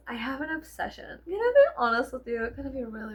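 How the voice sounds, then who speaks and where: A woman's voice: high-pitched, big pitch swings, quick pace, hardly any pauses, slightly rough. A young woman with a Southern US accent, chatting casually to camera at home, rambling, swearing, and slipping into whispers. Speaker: vlogger.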